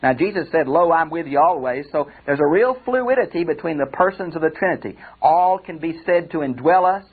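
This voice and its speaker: A man's voice: on the high side, expressive, a little fast, hardly any pauses, breathy edge. An older man, a pastor giving a conversational Bible commentary lecture and calling his listeners friends. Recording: tinny phone-like audio recording.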